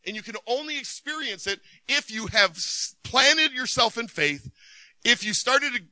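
A man preaching a sermon, animated, jumping from loud excited bursts to soft hushed asides. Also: very high voice, normal speed, no echo.

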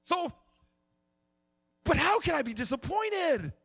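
A middle-aged male pastor preaching a sermon, swinging from quiet confession to impassioned shouting. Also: very high-pitched, big pitch swings, takes it slowly, vocal fry.

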